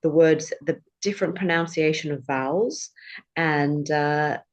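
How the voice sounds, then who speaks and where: A woman from England, a podcast guest talking in a relaxed, reflective way. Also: deep voice, unhurried, highs cut off. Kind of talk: casual interview chat.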